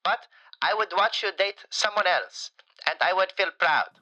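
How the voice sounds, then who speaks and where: A man playing a warm, flattering falafel shop owner who calls in to a radio show, speaking broken English with dropped articles and deadpan compliments. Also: high-pitched, moderate pace, rough recording. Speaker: caller. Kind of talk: comedic radio call-in sketch.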